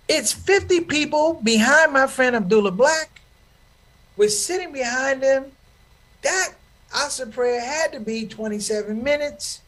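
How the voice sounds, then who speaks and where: High-voiced man telling a stand-up story. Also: animated, measured pace. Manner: repeats lines for effect, bursts into loud shouts; acts out the people in his stories. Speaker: comedian.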